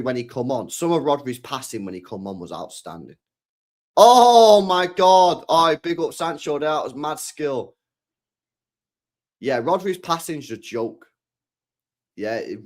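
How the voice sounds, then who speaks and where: A man's voice: mid-range voice, big pitch swings, normal speed. A young man chatting casually, rambling, swearing freely and repeating himself in slang. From England. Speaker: streamer chatting with viewers. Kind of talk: casual chat.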